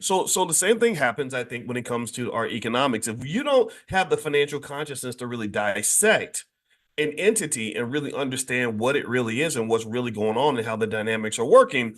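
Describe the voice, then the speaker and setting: Middle-aged guy hosting a talk show, animated, emphatic, keeps restarting, normal mid voice. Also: medium pitch. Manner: animated and emphatic, with frequent restarts and rising bursts. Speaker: host and finance educator. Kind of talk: casual talk-show commentary.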